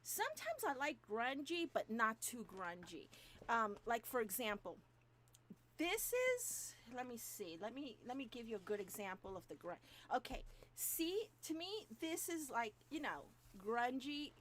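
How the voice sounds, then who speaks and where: A woman hosting a papercraft channel, chatting casually with viewers, animated and gushing, and laughing often. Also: a little high, unhurried, slight background noise. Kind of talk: casual chat to live viewers. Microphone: new microphone, moved closer.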